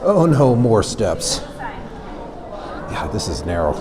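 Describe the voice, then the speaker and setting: A man's voice: deep voice, moderate pace, noisy background. A man narrating a casual travel vlog, talking to the camera as he climbs narrow stairs, out of breath. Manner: chatty, breathless commentary while climbing stairs. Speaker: travel vlogger. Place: inside a stone tower and outdoors at a canyon rim.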